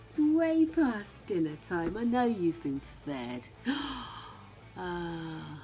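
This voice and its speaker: A woman's voice: fairly low pitch, animated, extremely slow, mellow. A British woman streaming gameplay in casual chat, cooing fondly at her dog and laughing often.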